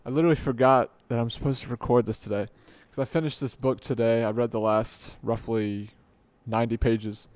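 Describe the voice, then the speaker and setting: A man's voice: medium pitch, fairly even intonation, brisk, hardly any pauses, darkish tone, clean tone, dry recording. A young man hosting an unscripted solo podcast late at night, rambling and correcting himself as he jokes at his own expense, into a desk mic at home. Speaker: podcast host. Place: home room at night, dim light.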